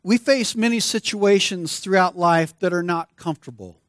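A man's voice: high-pitched, moderate pace, no echo, clean studio sound. A man preaching a sermon as pastor, conversational and playful with his congregation.

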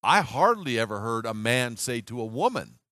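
A man's voice: mid-range voice, very animated, normal speed, fairly bright tone, no room sound. Older american guy telling a story in a sermon, voice swings up and down a lot, dry close sound. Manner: earnest storytelling with many restarts and acted quotes.

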